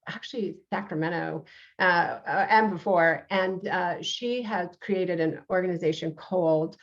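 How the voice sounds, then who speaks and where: A woman's voice: on the low side, unhurried, muffled recording. A woman with a New York accent hosting an interview show, earnest and full of uhs and restarts. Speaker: show host, reverend.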